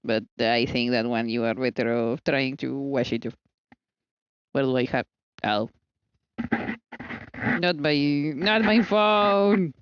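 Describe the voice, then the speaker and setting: A woman's voice: rumbling low, takes it slowly, long pauses, clean tone, dry recording, muffled recording. A woman streaming herself baking at home, chatting casually and teasing herself as she goes. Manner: chatty, scatterbrained, self-teasing, talking to herself. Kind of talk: casual live-stream chat while baking. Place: home kitchen.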